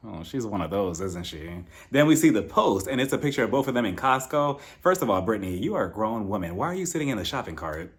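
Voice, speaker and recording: Lively, gossipy male recap host. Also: fairly low pitch, quick pace, hardly any pauses. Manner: animated, gossipy, laughs at own jokes. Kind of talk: casual comedic recap.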